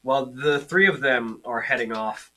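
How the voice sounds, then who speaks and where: A man from the American South, running a tabletop game as game master in relaxed, teasing banter. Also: mid-range voice, moderate pace, slight background noise, rough recording.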